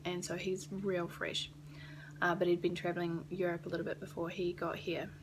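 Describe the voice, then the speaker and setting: A woman's voice: fairly low pitch, flat delivery, moderate pace, noisy background. A young woman from New Zealand with a New Zealand accent, rambling casually and swearing now and then in a vlog recorded in a small rented apartment. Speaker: vlogger.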